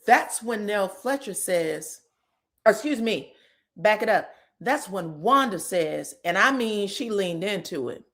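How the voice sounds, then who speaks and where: A woman hosting a casual reality TV recap, animated and profane, acting out quotes with loud outbursts and laughter. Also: mid-range voice, a little slow.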